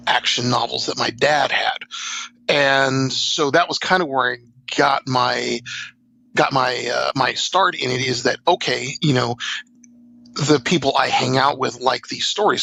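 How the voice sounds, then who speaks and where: A man's voice: medium pitch, vocal fry, pushed and bright, low-quality recording. A middle-aged man from South Texas, an author guest telling stories about his writing in a casual, rambling, self-deprecating way with frequent laughs. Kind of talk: casual conversational storytelling.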